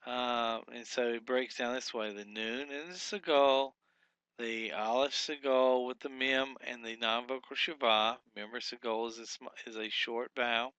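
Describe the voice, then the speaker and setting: A man teaching a workbook lesson, talking slowly and deliberately with frequent fillers and repeated words. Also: mid-range voice, fairly even intonation, bright, forceful tone, clear, resonant tone, no echo, dull audio.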